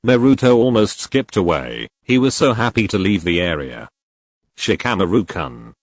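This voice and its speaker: A man's voice: fairly low pitch, sing-song, moderate pace, no room sound. A man reading a fan story aloud as narrator. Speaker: fanfiction reader.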